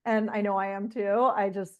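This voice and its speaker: A middle-aged woman, a spiritual coach, speaking in a calm, measured and reflective way as a podcast guest. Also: medium pitch, lo-fi sound. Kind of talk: reflective conversational teaching.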